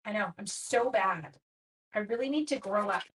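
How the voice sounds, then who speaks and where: A woman's voice: medium pitch, moderate pace, slightly rough. A middle-aged woman from Canada hosting a papercraft live stream, chatting casually and self-deprecatingly with viewers while she works. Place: home craft room.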